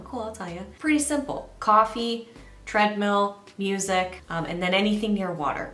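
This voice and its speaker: A woman in her thirties talking casually to camera as a beauty vlogger, chatty and animated, dropping into hushed asides. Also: medium pitch, roomy sound. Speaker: beauty YouTuber. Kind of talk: casual vlog talk to camera.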